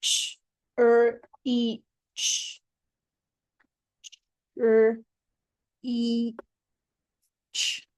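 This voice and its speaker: A woman's voice: a little high, monotone, drawn-out words, pauses often, no room sound, rough recording. A woman with an Australian accent, a student carefully sounding out words in a phonics lesson.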